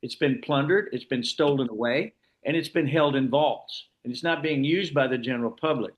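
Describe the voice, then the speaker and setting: A man's voice: mid-range voice, moderate pace, highs cut off. A man leading an informal scripture class, explaining at length with frequent restarts. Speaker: class leader.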